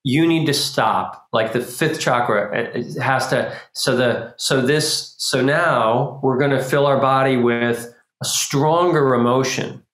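A man giving an informal spiritual talk, animated and acting out small quoted scenes as he explains. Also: mid-range voice, measured pace, few pauses. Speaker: spiritual teacher. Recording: roomy echo.

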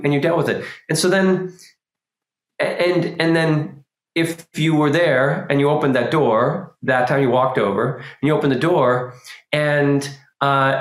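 A man giving an informal spiritual talk, animated and acting out small quoted scenes as he explains. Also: on the high side. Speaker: spiritual teacher. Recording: roomy echo.

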